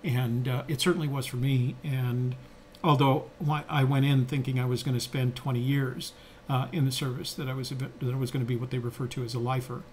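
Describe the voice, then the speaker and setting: Brisk and level, this older male podcast co-host has a medium-pitched, darkish voice with a little hiss or hum behind it. His storytelling is reflective and conversational, full of fillers and restarts.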